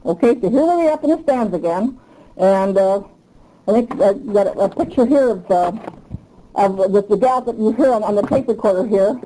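A woman's voice: mid-range voice, animated, normal speed, warm tone, a little hiss or hum, rough recording. An older woman, a union member, telling her story in an oral history interview, emphatic and repetitive, getting revved up as she talks.

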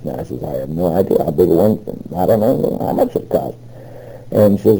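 A man's voice: sits low, lively intonation, normal speed, gravelly, warm tone, husky, poor audio. An older man telling his memories in an oral history interview, rambling and retelling old conversations with many fillers. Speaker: interviewee recalling past work.

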